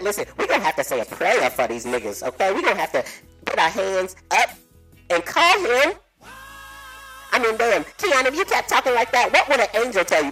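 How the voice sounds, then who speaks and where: A young man doing a brash, profane comedic monologue who swings between low talk and high shouts. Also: very animated, fairly quick, breathy edge, rough recording. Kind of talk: comedic rap-beat monologue. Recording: over music beat.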